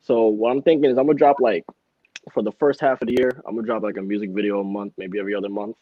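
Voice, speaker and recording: A man's voice: lowish voice, steady tone, very fast, narrow, tinny audio. A man talking as a rapper guest on a casual podcast, laid-back and slangy, laughing often. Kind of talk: casual chat.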